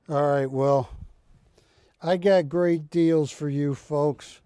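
A man hosting a live shopping channel show, pitching art in joking, drawn-out salesman patter from a studio. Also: fairly even intonation, dark tone, clean tone, no room sound.

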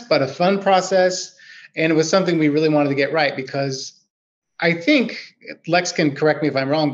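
Thoughtful man on a dull call. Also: fairly high pitch. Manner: thoughtful, rambling with fillers. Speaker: writer guest. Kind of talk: conversational interview answer.

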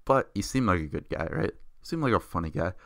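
Deep-voiced man ranting about football. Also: brisk, no echo, studio quality. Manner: profane, excitable, mocking. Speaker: sports vlogger. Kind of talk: casual football rant.

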